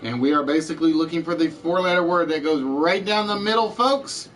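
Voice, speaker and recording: A man's voice: on the high side, brisk, fairly bright tone, poor audio. A man with a Southern US accent hosting a live-streamed trivia game show, chatting with viewers and answering their comments as he goes.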